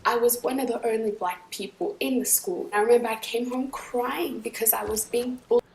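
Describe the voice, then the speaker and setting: A woman recounting personal experiences in an earnest, animated way. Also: on the high side, brisk, vocal fry. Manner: earnest, animated, acts out other voices. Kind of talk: personal storytelling. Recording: echoey room, distant from the mic, faint noise.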